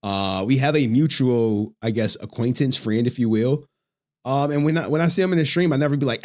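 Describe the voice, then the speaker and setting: A man's voice: medium pitch, brisk, darkish tone. A man chatting casually on a live stream, loose and profane, laughing often and reading out chat messages.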